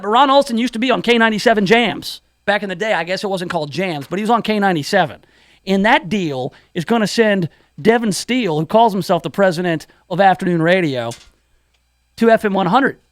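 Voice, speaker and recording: A man's voice: high voice, lively intonation, fairly quick, no echo. A man hosting an afternoon radio show, joking around in studio banter and slipping into hammy country DJ voices. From Memphis area. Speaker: radio host. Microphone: studio mic.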